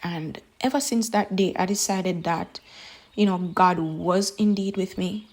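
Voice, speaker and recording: A young woman recounts her faith testimony, earnest and halting, pausing often and filling gaps with small fillers. Her voice sits a little low for a woman. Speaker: testimony speaker.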